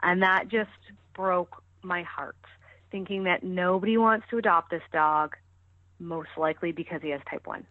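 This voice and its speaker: A woman's voice: lowish voice, fairly even intonation, moderate pace, no echo. A woman chatting as a podcast guest, talking freely with lots of fillers and restarts. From Canada. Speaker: podcast guest, ski coach. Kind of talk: casual interview chat. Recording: tinny phone-like line, dry.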